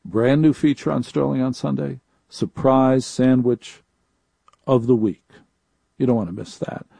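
A man hosting a live call-in talk radio show, talking in a chatty, wry way. His voice is mellow and warm, recorded close and dry with no room sound. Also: mid-range voice, steady tone, unhurried, gravelly, breathy edge, no echo. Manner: chatty, wry, repeats phone numbers. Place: home studio in a laundry room.

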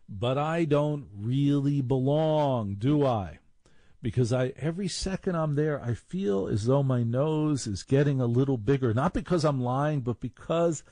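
A man's voice: medium pitch, dark tone, dry recording. A man telling a wry personal story, now and then mimicking snobbish voices.

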